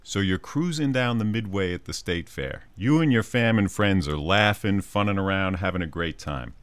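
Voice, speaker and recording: A psychologist radio host with a low-sitting voice delivers a short scripted commentary segment at a moderate pace and with lively intonation. He paints a vivid everyday scene, acting out little quoted voices, and there's no room sound.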